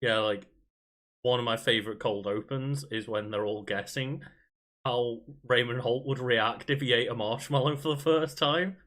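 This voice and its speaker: A man's voice: medium pitch, moderate pace, a bit bright. Chatty man who laughs often. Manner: laughs often, tells stories with many fillers. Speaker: podcast co-host. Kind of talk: casual podcast chat.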